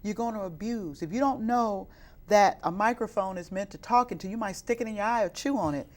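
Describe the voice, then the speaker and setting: In a brisk, mid-range voice, a middle-aged Chicago woman from the west side shares her life story during an interview. She's a youth minister, and her earnest testimony climbs into fervent preaching.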